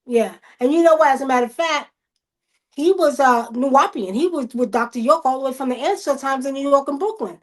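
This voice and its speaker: A woman, telling stories casually on a video call livestream, animated, loudly acting out the quotes. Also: sits high, fairly quick. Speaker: guest.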